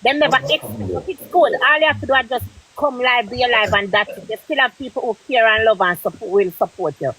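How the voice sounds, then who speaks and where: A high-voiced Jamaican woman hosting a live call. She talks insistently, pressing her point again and again. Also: quick pace, a bit bright, husky, poor audio. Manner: lecturing, insistent.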